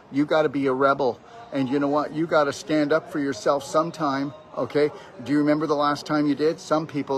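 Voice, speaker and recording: A man of middling pitch delivers a loose, preachy health pep talk. He speaks emphatically and keeps turning to address the listener head-on. A faint hum of ambience sits under his voice. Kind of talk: rambling motivational monologue.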